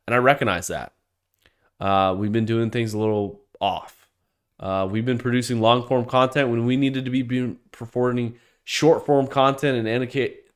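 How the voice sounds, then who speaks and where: Guy ranting solo on his podcast, cussing a lot, heated, keeps restarting sentences, average pitch. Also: clean tone. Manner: heated, profane, swears freely; restarts and repeats words when worked up. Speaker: podcast host.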